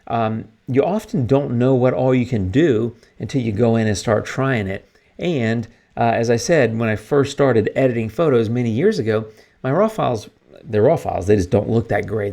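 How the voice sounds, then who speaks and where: Guy with a kinda gravelly voice doing a laid-back editing tutorial, lots of ums. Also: medium pitch. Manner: relaxed, chatty, thinks aloud with fillers. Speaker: photo editing tutorial host. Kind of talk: casual screen-recorded tutorial.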